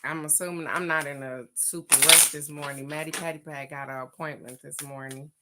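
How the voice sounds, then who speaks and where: A woman's voice: sits low, steady tone, a little fast, heavy background noise. An older woman, chatting casually and folksily as a host, laughing often and stretching words for emphasis. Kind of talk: casual card-reading chat.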